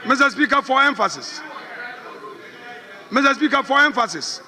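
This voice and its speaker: A middle-aged member of parliament with a Ghanaian English accent delivers a combative, emphatic speech, repeating phrases to drive points home. His extremely high voice is lively, bright and forceful at normal speed, broken by long pauses. It echoes through a large, reverberant parliament chamber.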